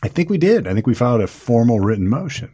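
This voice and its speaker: A man's voice: medium pitch, big pitch swings, fast talker, mellow, slightly rough. A man who works as a defense lawyer, casually prompting and summing up a client's story. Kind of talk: casual conversation.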